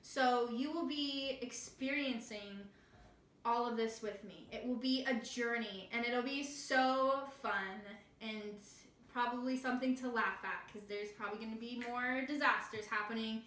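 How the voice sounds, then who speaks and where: A woman's voice: fairly high pitch, measured pace, fairly bright tone, echoey room. A young woman hosting a casual cooking tutorial, chatty and self-deprecating, joking through her kitchen mishaps. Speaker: library cooking tutorial host. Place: home kitchen.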